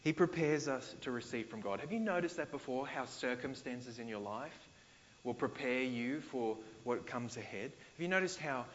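A man's voice: mid-range voice, expressive, normal speed, muffled recording, a little hiss or hum. A man with an Australian accent preaching a sermon as pastor, conversational, retelling scripture in everyday slang.

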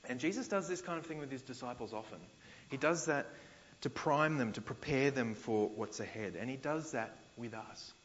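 A man's voice: mid-range voice, moderate pace, highs cut off. A man with an Australian accent preaching a sermon as pastor, conversational, retelling scripture in everyday slang.

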